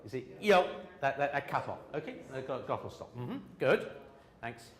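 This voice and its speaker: Lively Londoner teaching pronunciation. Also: male voice, medium pitch, moderate pace. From England. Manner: jokey, demonstrates sounds aloud. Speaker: language teacher. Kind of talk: classroom lecture on pronunciation. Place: classroom. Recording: echoey classroom.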